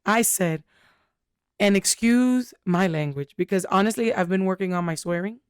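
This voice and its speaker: A young woman on a podcast, rambling and candid as she tells a story, with plenty of fillers. Her voice is smooth and resonant, mid-pitched, recorded close and dry. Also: moderate pace, no echo. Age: young adult. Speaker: podcast co-host. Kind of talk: casual podcast chat.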